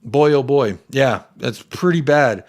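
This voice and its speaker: A young American man hosting a football fan live stream at a medium pitch. He reads viewers' comments aloud and shouts them out one by one, with an animated, chatty energy. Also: a little slow. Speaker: fan channel host. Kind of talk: live-stream chat reading.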